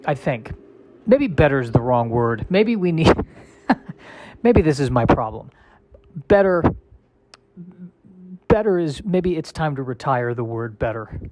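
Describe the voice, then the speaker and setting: A man's voice: mid-range voice, lively intonation, measured pace, darkish tone, a little hiss or hum. A male comedian in a casual solo monologue, rambling and self-deprecating with a wry tone.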